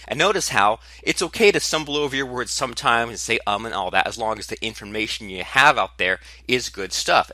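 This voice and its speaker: A man hosting his own podcast, talking candidly and with animated emphasis about his own speaking habits. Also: medium pitch, no room sound. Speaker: podcast host. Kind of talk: solo podcast monologue.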